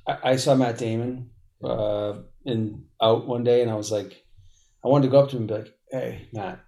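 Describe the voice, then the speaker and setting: A man in his forties from Boston, a podcast guest telling stories in a blunt, profane, animated way. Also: medium pitch, brisk. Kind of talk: casual storytelling.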